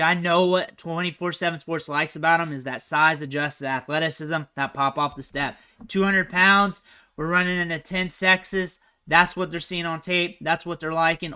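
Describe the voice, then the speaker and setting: A young man giving casual, chatty commentary over football highlight film, thinking aloud and trailing off quietly at the ends of his sentences. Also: clean tone. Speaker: recruiting analyst host.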